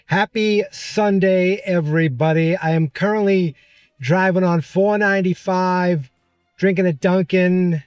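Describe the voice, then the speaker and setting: A man with a light New England accent talks in a chatty, rambling way, often stopping to correct himself. His voice sits a little high and sounds close and dry as he talks from inside his car. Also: fairly even intonation, unhurried, a little mellow, clean tone, no room sound, faint music behind. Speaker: podcast host. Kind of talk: casual vlog-style talk. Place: in a car while driving.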